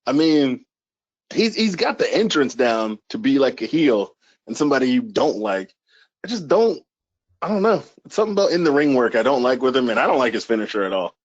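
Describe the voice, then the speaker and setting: A man co-hosting a casual podcast in a middle-pitched voice, rambling along and swearing freely as he recaps. The sound is dull and lo-fi. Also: big pitch swings, fairly quick. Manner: rambling, profane, recaps with quoted bits. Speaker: podcast co-host.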